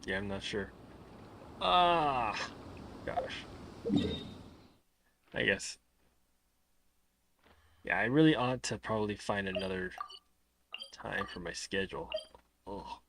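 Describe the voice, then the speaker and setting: A man chatting casually on a live game stream, drowsy and soft-spoken, often trailing off and mumbling. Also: lowish voice, slow, vocal fry, pauses often, background noise. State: sleepy. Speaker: livestreamer.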